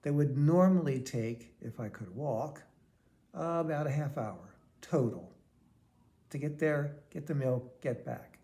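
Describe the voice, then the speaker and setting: Older man, gravelly, candid storytelling vlog. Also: a little high, animated, unhurried, dark tone. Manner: rambling, candid, with restarts. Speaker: vlogger. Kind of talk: personal storytelling.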